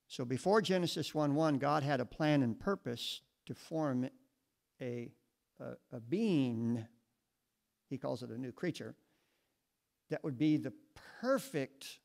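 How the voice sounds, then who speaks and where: Gravelly-voiced preacher teaching the Bible. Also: male voice, mid-range voice, a little slow, poor audio. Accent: American. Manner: conversational, asks the congregation questions. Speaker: pastor. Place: church classroom with audience. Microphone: moves away from the mic at times.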